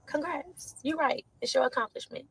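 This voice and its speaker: A young woman, a content creator ranting loudly and sassily in a reaction vlog, swearing a lot. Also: high-pitched, moderate pace, vocal fry, rough recording. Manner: loud, sassy, animated, swears a lot.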